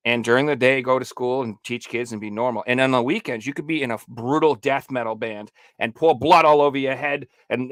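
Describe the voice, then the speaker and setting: A man's voice: medium pitch, brisk, few pauses, fairly bright tone, dry recording. A man hosting a podcast, ranting heatedly and profanely in casual talk, now and then mocking people in made-up quotes. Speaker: podcast host.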